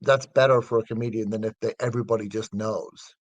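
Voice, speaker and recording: A man's voice: lowish voice, fairly even intonation, fast, dry recording. A middle-aged man with a Northern Irish accent, a comedian chatting casually as an interview guest, rambling with many fillers and restarts. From north of Ireland.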